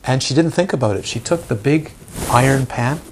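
A man's voice: mid-range voice, lively intonation, moderate pace, noisy background. Man teaching meditation to a group. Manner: questions the audience, acts out examples. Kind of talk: live teaching talk to a group.

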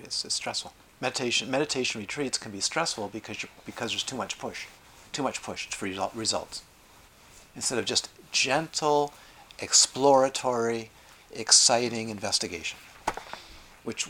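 A middle-aged man teaching meditation at a retreat, talking in an animated way with playful asides. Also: mid-range voice, brisk, slight background noise. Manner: animated, acts out quoted voices, lively asides. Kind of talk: dharma talk at a retreat.

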